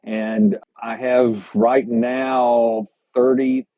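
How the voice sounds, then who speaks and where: A man who is a guest on a podcast, talking in a relaxed way with frequent stammered restarts. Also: mid-range voice, very slow, narrow, tinny audio. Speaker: podcast guest, pastor and hiking YouTuber. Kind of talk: casual interview chat.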